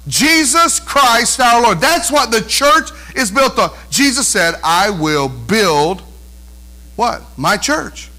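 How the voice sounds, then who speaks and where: Male pastor preaching in church; very high, bright voice, emphatic delivery, lots of rhetorical questions. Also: big pitch swings, slow pace, low-quality recording. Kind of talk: sermon.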